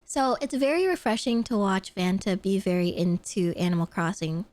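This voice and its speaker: A young woman streamer chatting casually on a live stream, gushing and excitable, laughing often and swearing freely. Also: medium pitch, moderate pace, dry recording.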